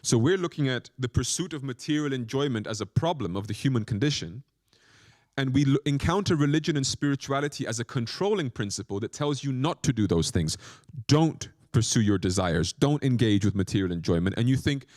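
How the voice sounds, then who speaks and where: Animated male monk giving a lecture. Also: medium pitch, fairly quick, no echo, studio quality. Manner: animated storytelling with questions to the audience. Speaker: monk teaching spirituality. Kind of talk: spiritual lecture.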